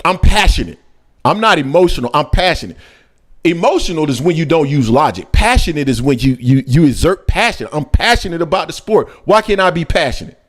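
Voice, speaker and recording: A man with hosts a live boxing stream from his basement. He jumps from heated, high-pitched rants down to low asides. His pitch swings widely as he argues and reads comments. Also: animated, a little fast. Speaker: host of a boxing channel. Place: home basement.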